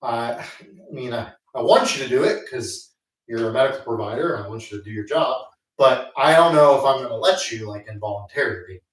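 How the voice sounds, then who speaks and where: A man's voice: mid-range voice, brisk. A man telling a rambling, self-mocking story with many fillers, chatting casually between sets at the gym. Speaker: host. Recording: echoey room, mic at a distance.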